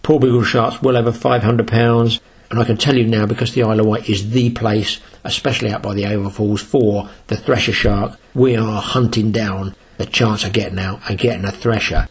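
An older British angler with a low, husky voice tells long, boastful stories about his catches. He rambles from one tale to the next in a relaxed, conversational way. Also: moderate pace. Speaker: sea angler. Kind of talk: casual spoken anecdote.

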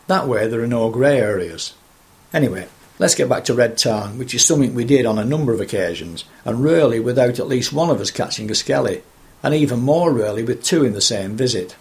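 A man interviewing a fellow angler, speaking in measured, articulate, full sentences. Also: mid-range voice, expressive, creaky, darkish tone.

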